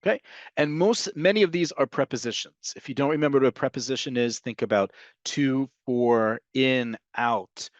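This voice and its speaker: A man teaching an online language lesson, explaining slowly and repeating each example. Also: mid-range voice, dry recording, highs cut off. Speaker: Hebrew teacher.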